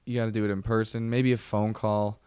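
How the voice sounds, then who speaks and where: A man's voice: lowish voice, little pitch movement, fairly quick, darkish tone, smooth, no echo, studio quality. A young man hosting a podcast, telling wry stories in a rambling, casual way with lots of fillers. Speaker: podcast host. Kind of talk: casual solo chat.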